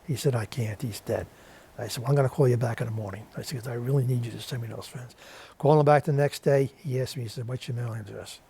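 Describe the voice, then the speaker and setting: Husky New York man telling a story. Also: medium pitch, quick pace. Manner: animated storyteller acting out quoted voices. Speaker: guest, interviewer of war veterans. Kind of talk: storytelling in a TV interview. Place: TV studio.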